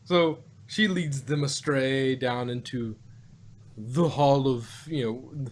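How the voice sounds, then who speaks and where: A man co-hosting a casual review chat, rambling and halting with many restarts. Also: medium pitch. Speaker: podcast co-host.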